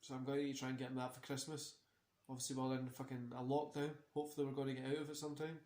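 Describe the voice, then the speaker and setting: A man's voice: medium pitch, little pitch movement, rapid-fire, darkish tone. A tired man hosting a casual wrestling watch-along, rambling and swearing freely between many fillers. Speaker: host. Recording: roomy echo.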